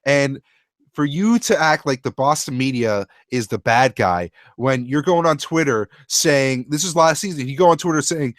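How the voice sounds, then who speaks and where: A man's voice: medium pitch, normal speed, a bit bright, no echo. A young man co-hosting a casual sports talk show, opinionated and rambling, often restarting his sentences. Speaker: co-host.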